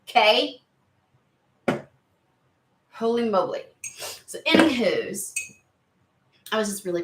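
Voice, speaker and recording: A woman chatting excitedly and rambling on tangents during a spiritual card reading video. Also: on the high side, measured pace, long pauses, noisy background. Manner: excitable, rambling, lots of exclamations. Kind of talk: casual chatty reading vlog. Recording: roomy echo.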